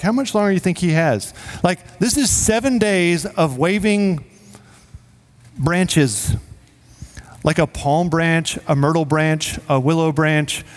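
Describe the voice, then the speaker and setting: A man preaching a sermon as pastor, in a casual, joking way with quick asides to the congregation. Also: sits high. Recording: long reverb of a hall.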